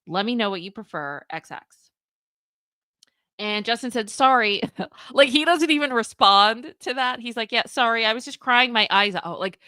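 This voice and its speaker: Young female streamer, bright tone, dry close sound, animated reactions while reading. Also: mid-range voice, no echo. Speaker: commentary livestream host. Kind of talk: live reaction commentary, reading texts aloud.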